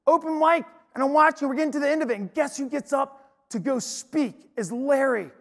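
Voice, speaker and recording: High-voiced man preaching in a hall. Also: fairly quick. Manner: energetic, storytelling, emphatic. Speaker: speaker. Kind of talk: preaching to an audience. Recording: long hall reverb.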